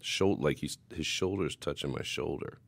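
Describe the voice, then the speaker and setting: A man co-hosting a casual podcast chat, telling stories in a profane, animated way. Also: very deep voice, moderate pace, vocal fry. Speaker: podcast co-host.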